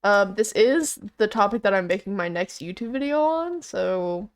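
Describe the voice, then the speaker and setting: Young woman, podcast co-host, sarcastic casual talker, mid-pitched voice. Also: animated, normal speed. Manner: sarcastic, swears freely. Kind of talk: casual chat while gaming.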